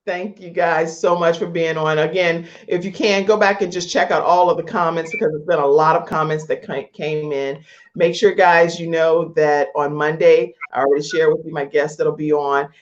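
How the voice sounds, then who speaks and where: A woman's voice: low voice, steady tone, moderate pace. A woman in her fifties hosting a talk show, chatting enthusiastically with her guests and often repeating herself. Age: 50s. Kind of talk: casual interview chat. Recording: dull lo-fi online show audio.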